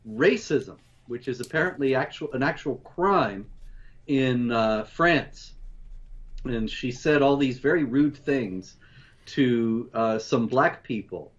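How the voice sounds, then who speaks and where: A man co-hosting, running through news stories in a measured, steady way. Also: mid-range voice, lo-fi sound. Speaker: co-host. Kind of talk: news rundown commentary.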